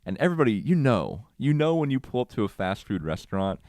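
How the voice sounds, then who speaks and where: A man co-hosting a podcast, telling a story in animated casual chat and acting out quotes with frequent laughs. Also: mid-range voice, fast talker, no echo. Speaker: podcast co-host.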